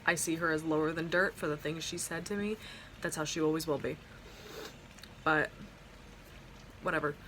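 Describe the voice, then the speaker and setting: A young woman vlogger sits at home talking into her phone camera, her slightly low voice steady and a bit bright at a moderate pace, with frequent pauses. She shares a personal story in loose, heartfelt rambling packed with "like," fillers and restarts. Faint background noise comes through an open window during the casual storytime vlog.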